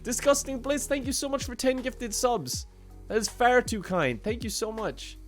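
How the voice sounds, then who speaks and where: A man's voice: very high-pitched, moderate pace, soft background music. A man chatting casually while streaming a game, laughing often and thanking viewers by name. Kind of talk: casual gaming livestream chat.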